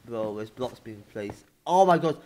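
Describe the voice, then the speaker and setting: A young man gaming and chatting casually, exasperated and swearing, sometimes shouting. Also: mid-range voice, expressive, measured pace, heavy background noise. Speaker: gaming video host. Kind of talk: casual gameplay chat.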